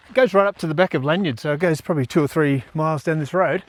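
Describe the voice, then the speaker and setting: An Australian man talks fast in a slightly high voice while walking a riverside trail. He's vlogging casually, rambling in a relaxed way and using lots of fillers.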